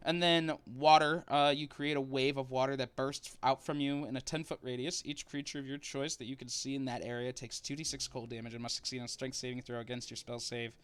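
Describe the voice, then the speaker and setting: A man running a tabletop role-playing game as game master, explaining rules in a relaxed way. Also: mid-range voice, brisk, hardly any pauses, clean tone. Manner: relaxed and explanatory, reads spell rules aloud.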